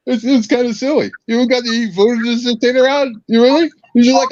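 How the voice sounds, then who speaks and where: A man's voice: very high voice, fairly even intonation, a little fast, few pauses, darkish tone, no room sound. Ranting man on dull lo-fi audio. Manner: ranting, combative, restarts often. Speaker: podcast guest. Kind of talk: casual political chat.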